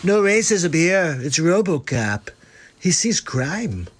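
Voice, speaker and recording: A man's voice: on the high side, very animated, takes it slowly, exaggerated voice. A man doing an impression of a brash, boastful male politician who announces plans and keeps repeating "that's right". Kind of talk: live comedy impression.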